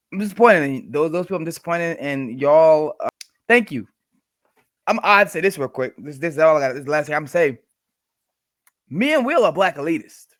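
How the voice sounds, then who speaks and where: A man's voice: medium pitch, no room sound, clean studio sound. A man co-hosting a casual podcast, talking in a laid-back, blunt and repetitive way. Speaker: podcast co-host.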